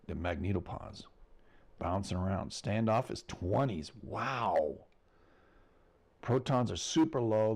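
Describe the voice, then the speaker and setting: American guy doing a laid-back space weather show, low gravelly voice that swings up and down a lot. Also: darkish tone. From United States. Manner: loose, rambling, chuckles between remarks. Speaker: host of a space weather report. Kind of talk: casual livestream commentary.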